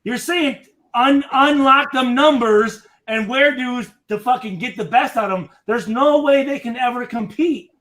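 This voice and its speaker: A man in casual sports chat, telling stories in a loud, profane, animated way. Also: very high voice, a little slow. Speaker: guest, former player.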